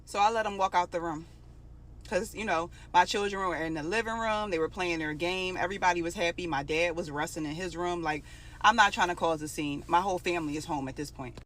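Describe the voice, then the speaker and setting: A woman's voice: on the low side, brisk, fairly bright tone. A woman telling her own story in a casual, emotional storytime monologue, repeating phrases for emphasis.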